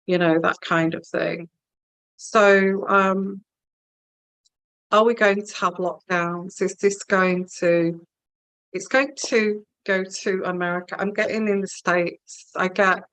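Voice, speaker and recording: A woman's voice: medium pitch, fairly bright tone, smooth, no room sound, low-quality recording. A woman giving a live-streamed tarot reading, musing and hesitant, with many fillers and restarts. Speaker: tarot reader.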